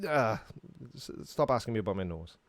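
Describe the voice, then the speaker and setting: A man's voice: lowish voice, animated, moderate pace, no room sound. A middle-aged Welsh man hosting a casual live stream, rambling and joking while answering chat questions from his home studio. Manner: rambling and jokey, laughs often.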